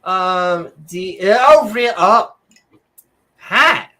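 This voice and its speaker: Slow, bright-voiced joking woman host. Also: mid-range voice, expressive, a little hiss or hum. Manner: joking, rambling, chuckling asides. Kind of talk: casual livestream chat.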